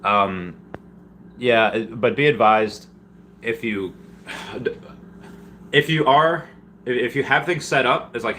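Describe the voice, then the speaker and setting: A man hosting a casual livestream Q&A, rambling and restarting, with sudden excited jumps in pitch. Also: takes it slowly, long pauses, a little hiss or hum. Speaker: livestream host answering viewer questions.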